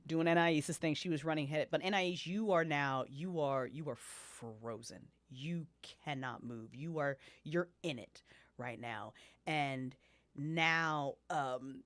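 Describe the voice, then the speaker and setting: A woman's voice: deep voice, a bit bright, dry recording. A woman narrating as game master of a tabletop game, in a casual, profane, rambling way.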